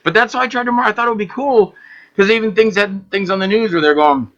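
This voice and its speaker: A man chatting casually in an interview, telling animated stories about making films, acting out quotes and swearing freely. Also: sits high, fast, highs cut off. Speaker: guest filmmaker.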